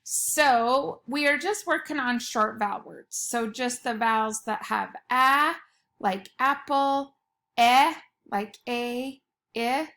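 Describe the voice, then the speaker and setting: A woman's voice: on the high side, a bit bright. A woman teacher giving a spelling lesson to young students, sounding out words patiently.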